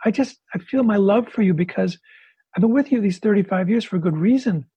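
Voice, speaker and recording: A man voicing a middle-aged wife who pleads softly to feel her husband's love. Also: high-pitched, brisk, breathy edge, no room sound, muffled recording. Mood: tender.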